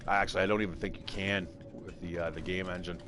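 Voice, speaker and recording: A man's voice: low voice, flat delivery, quick pace, noisy background. A man casually commentating his game live, rambling, thinking aloud and swearing freely. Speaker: game streamer.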